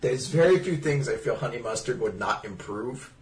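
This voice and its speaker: A man's voice: mid-range voice, animated, moderate pace. A man co-hosting a podcast in casual, jokey banter, rambling and laughing often. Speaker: podcast co-host. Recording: distant mic with faint noise.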